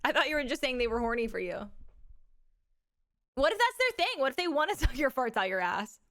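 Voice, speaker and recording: A woman live streamer chatting casually with crude, excitable, giggly banter. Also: high voice, fairly quick.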